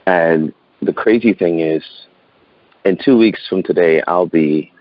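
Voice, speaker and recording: A man in his thirties, a guest in an interview, telling a personal story outdoors in an earnest, halting way, often repeating words and laughing. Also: deep voice, no room sound, phone-quality sound. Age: 30s.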